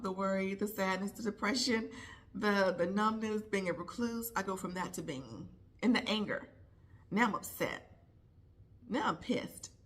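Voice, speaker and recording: A middle-aged woman speaking personally to camera in a vlog, heartfelt and halting, with pauses and repeated words. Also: medium pitch, a bit bright. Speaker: vlogger, nurse.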